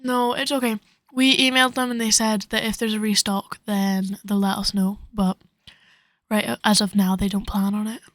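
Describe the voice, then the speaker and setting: A woman's voice: medium pitch, flat delivery, normal speed, dry recording, rough recording. A teenage girl co-hosting a casual chat, laughing as she tells stories in an easygoing way. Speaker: co-host.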